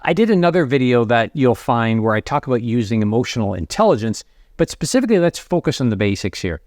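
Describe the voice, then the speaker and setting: A middle-aged man coaching sales to camera, conversational and energetic, acting out sample lines to prospects. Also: medium pitch, no room sound, studio quality. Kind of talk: direct-to-camera coaching talk.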